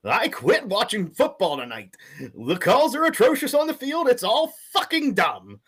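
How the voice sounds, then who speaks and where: A man reading out an angry fan's text, voicing him as a furious football fan who shouts and swears in a high, strained yell. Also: big pitch swings, moderate pace, slightly rough, full character voice.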